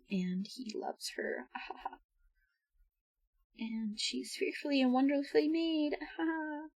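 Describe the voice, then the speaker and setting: A young woman streaming while she draws, chatting casually, giggling often and reading chat out loud. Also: medium pitch, no echo, studio quality.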